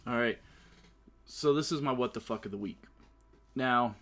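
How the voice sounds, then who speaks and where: In casual solo commentary on his own show, a brash, profane podcast host keeps laughing through his stories. He speaks at medium pitch and a normal speed, a bit bright, leaving long pauses.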